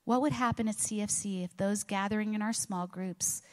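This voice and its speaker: A woman's voice: medium pitch, moderate pace. Woman pastor, middle-aged, earnest sermon delivery; church auditorium with long reverb. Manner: earnest preaching with rhetorical questions. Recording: long reverb of a large hall.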